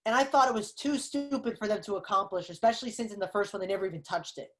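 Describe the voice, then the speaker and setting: A woman guest on a podcast, talking a movie over in lively, analytical casual chat and acting out her reactions. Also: medium pitch, quick pace. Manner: animated, analytical, acts out reactions.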